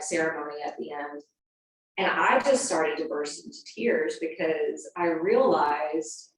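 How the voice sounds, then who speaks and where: A woman's voice: on the low side, recorded from a distance. Yoga teacher woman in an echoey room. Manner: earnest and animated, acting out quotes. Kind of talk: storytelling and guided yoga instruction.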